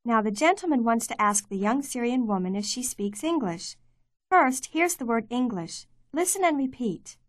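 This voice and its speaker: A woman giving clear, measured scripted narration for a language course. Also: a little high, expressive, dry recording. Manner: clear, measured teaching delivery.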